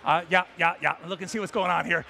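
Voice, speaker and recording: A man's voice: extremely high pitch, animated, brisk, gravelly, pushed and bright, full character voice. A man voicing a boastful male lion who brags and flirts with a lioness during a talk. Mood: swaggering. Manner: bragging, coaxing.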